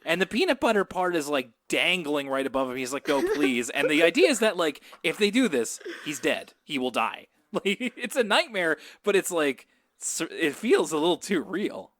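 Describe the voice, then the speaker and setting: A podcast co-host recaps a cartoon in loose, chatty talk, laughing easily. His voice sits a little high, swings widely in pitch, and sounds a bit bright at a normal pace. The studio recording is clean, with no echo.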